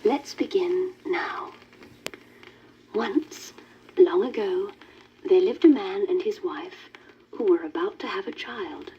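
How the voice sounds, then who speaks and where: A woman reading a children's storybook aloud in a gentle, lilting manner. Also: mid-range voice, unhurried. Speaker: story reader. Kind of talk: scripted storybook narration. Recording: dull worn vinyl record with faint hiss.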